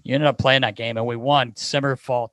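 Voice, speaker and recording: A male podcast co-host in the middle of an animated story, swearing freely and laughing along. His voice sits mid-range and the recording is dry and close to the mic. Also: medium pitch, fairly quick, no room sound. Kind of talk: casual storytelling.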